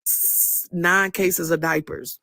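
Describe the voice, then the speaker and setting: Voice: mid-range voice, steady tone, takes it slowly, pushed and bright, no echo. A fan in a played clip, recounting a story in a matter-of-fact way and listing things off.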